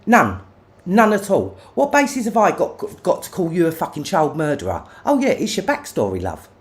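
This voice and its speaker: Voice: medium pitch, wildly swooping pitch, moderate pace. A person ranting angrily on a livestream, cursing and confronting others, tagging many lines with "yeah?". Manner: profane, confrontational, repeats "yeah?". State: angry. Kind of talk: angry livestream rant.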